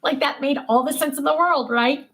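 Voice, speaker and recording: A woman's voice: sits high, normal speed, fairly bright tone. An older woman, a grandmother, chatting casually and telling family stories with many fillers and restarts. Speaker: craft vlogger. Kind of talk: casual chat.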